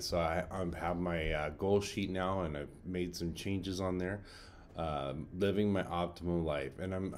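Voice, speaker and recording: A man with a very low voice talks through his daily vlog in an easygoing, rambling way, often restarting his sentences. He stays upbeat throughout. A faint hum of passing cars sits behind him. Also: darkish tone. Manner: rambling, self-correcting, upbeat. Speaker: daily vlogger. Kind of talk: casual self-recorded vlog. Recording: faint outdoor traffic hum.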